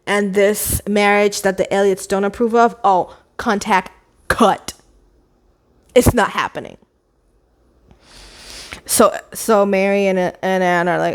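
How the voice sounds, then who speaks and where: A woman retelling a novel's plot in a casual, chatty ramble, with sarcastic asides. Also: medium pitch. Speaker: book vlogger.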